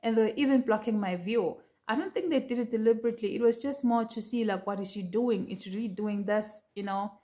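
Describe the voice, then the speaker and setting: A woman's voice: a little high, quick pace, few pauses, warm tone. A woman earnestly recounting a dream to her viewers in casual storytelling, with lots of fillers. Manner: earnest, talks straight to viewers with many fillers. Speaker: vlogger sharing a prophetic dream.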